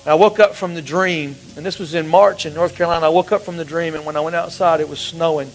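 Guy preaching, fairly high voice, goes soft then loud telling a story, light music under it. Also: fairly even intonation, fast, poor audio. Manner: emotional storytelling, swings from hushed to raised. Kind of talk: sermon.

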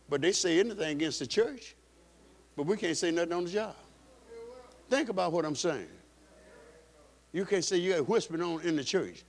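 Higher-voiced male pastor preaching. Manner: emphatic preaching with repeated phrases. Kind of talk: sermon.

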